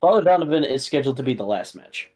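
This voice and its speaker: A man runs a tabletop game, his narration quick and full of restarts. His voice sits at a middle pitch, and he keeps breaking into excited little character voices. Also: slightly rough. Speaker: game master.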